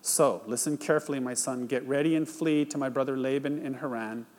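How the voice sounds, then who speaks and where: A man's voice: mid-range voice, steady tone, a little fast, darkish tone. A male pastor preaching, reading a scripture passage aloud and retelling it in plain storytelling before drawing the lesson. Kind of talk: sermon.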